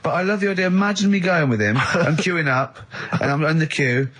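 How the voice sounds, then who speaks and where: A man's voice: a little high, a little fast, a bit bright. A man hosting radio, telling playful anecdotes and acting out quotes. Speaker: radio host. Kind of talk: casual radio banter.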